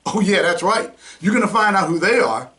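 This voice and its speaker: A man's voice: high voice, expressive, a little fast, pushed and bright. A man hosting a talk show, ranting with indignant, mocking commentary. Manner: indignant, mocking, name-calling rants. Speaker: podcast host. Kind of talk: heated commentary.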